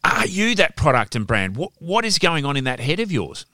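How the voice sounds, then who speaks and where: A man's voice: fairly high pitch, very animated, moderate pace, sharp tone, no echo, clean studio sound. A male podcast host asking interview questions with hesitant, searching phrasing.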